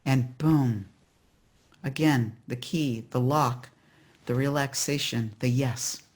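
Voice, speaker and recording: A storyteller leading an online Shabbat service, telling a story in an animated, conversational way and acting out the scenes, speaking into a home computer mic. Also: mid-range voice, takes it slowly. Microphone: home computer mic on a video call.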